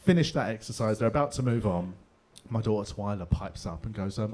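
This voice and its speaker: A man's voice: on the low side, animated, a little fast, a little mellow. A middle-aged man with a London accent doing stand-up comedy in a pub, chatty and swearing, slipping into other people's voices. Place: pub stage with live audience.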